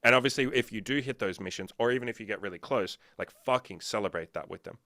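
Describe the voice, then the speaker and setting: Low-voiced guy swearing his way thru a podcast rant, dry close sound. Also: fast, vocal fry, no echo. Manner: profane, animated storytelling. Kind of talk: casual podcast chat.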